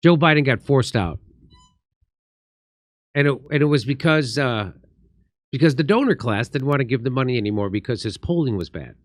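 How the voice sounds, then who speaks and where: A man's voice: medium pitch, expressive, normal speed, pauses often, no room sound, clean studio sound. A man hosting a show, giving blunt, sarcastic political commentary. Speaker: show host.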